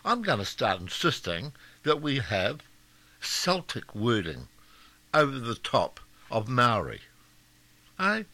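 An older man from Scotland runs a talk show, delivering blunt, mocking commentary. His voice swings widely in pitch with a bright, forward tone. The sound is dry and close. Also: wildly swooping pitch, slow pace, pauses often, no room sound. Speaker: radio talk host. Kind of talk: opinionated commentary.

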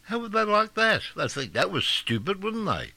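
An older man from Scotland runs a talk show, delivering blunt, mocking commentary. His voice swings widely in pitch with a bright, forward tone. The sound is dry and close. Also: very animated, moderate pace, gravelly, dry recording. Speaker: radio talk host. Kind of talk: opinionated commentary.

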